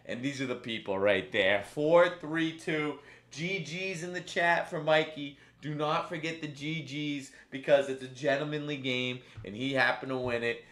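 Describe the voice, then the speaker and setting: A man hosting a live stream, calling a chat horse race with animated play-by-play and banter. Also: a little high, normal speed, roomy sound. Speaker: stream host.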